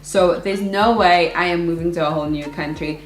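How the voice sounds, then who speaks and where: A young woman from Africa, giving casual advice in a chatty, animated way and acting out her own past nerves. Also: fairly low pitch, moderate pace, soft background music. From South Africa. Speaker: vlogger. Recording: echoey room.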